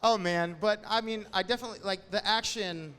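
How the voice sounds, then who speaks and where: High-voiced playful male host. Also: fairly quick, fairly bright tone, clean tone. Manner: playful, teasing. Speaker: interview host. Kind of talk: casual interview chat. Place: convention event hall. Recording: reverberant hall with faint crowd ambience.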